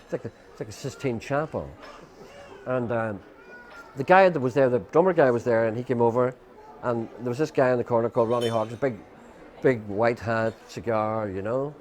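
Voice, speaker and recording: An older Irish-accented man with a medium-pitched voice speaks at a moderate pace as an interview guest. He tells a long, rambling anecdote packed with fillers, acting out what other people said.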